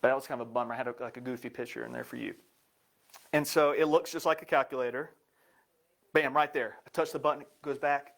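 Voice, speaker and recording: A man's voice: mid-range voice, steady tone, fast talker, vocal fry, a bit bright. A man giving a live presentation in an upbeat, joking way.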